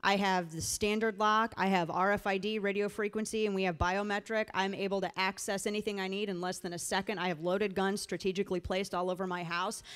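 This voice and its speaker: A woman's voice: medium pitch, flat delivery, fairly quick, few pauses, a bit bright, clear, resonant tone. Middle-aged woman from the ozarks giving a rally speech, emphatic and chatty, big echoey hall. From rural Missouri Ozarks. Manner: emphatic, storytelling, conversational. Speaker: political speaker. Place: large event hall. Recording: live hall with long reverb.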